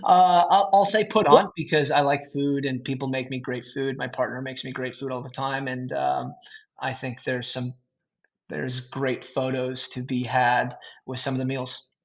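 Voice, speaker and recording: A gravelly, mid-range voice at normal speed belongs to a man from Minnesota, Minnesotan accent and all, chatting casually as a podcast guest. He tells stories animatedly, with plenty of laughter and restarts, over a dull lo-fi recording.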